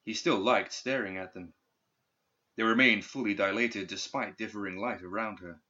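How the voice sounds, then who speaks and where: A man reading a dark fantasy story aloud in steady, even scripted narration. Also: on the low side, normal speed. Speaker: audiobook narrator. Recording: dull lo-fi recording.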